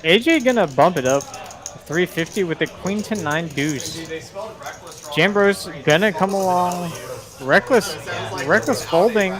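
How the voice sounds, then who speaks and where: A man's voice: high voice, expressive, measured pace, crowd noise. A man doing live poker commentary, chatty and joking as he calls the hands.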